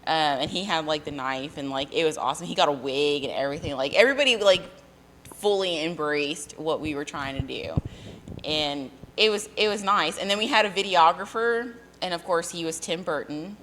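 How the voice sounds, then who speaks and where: A woman's voice: deep voice, moderate pace, a bit bright, a little hiss or hum. A woman in her thirties in casual conversation, telling rambling stories with lots of fillers and laughter. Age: 30s. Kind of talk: casual chat.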